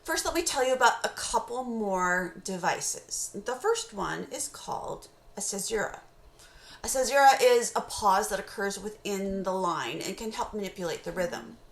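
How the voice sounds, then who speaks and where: A woman teacher giving a recorded course lecture on poetry, explaining terms in a measured way and reading short poem excerpts slowly aloud. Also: medium pitch, gravelly, roomy sound.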